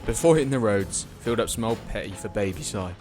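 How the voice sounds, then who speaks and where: A young man narrating his own motorbike trip in a casual travel vlog, cheeky and self-mocking, with bursts of excitement. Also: fairly low pitch, fast talker, faint music behind. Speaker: travel vlogger.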